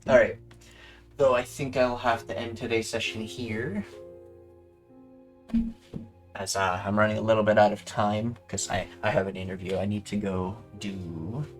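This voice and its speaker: A man's voice: lowish voice, steady tone, moderate pace, faint music behind. A man as game master, reading out item rules and thanking viewers in a friendly way. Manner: reads item rules aloud, friendly sign-off. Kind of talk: running a tabletop game.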